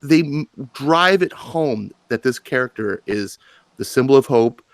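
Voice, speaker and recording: In a dry, close recording, a man with a medium-pitched voice debates on a live comics panel. He argues with rising intensity and his pitch climbs when he presses a point. He often restarts his sentences. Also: measured pace, no room sound. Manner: animated, emphatic, rising pitch when arguing, frequent restarts. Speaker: panelist on a comics discussion show.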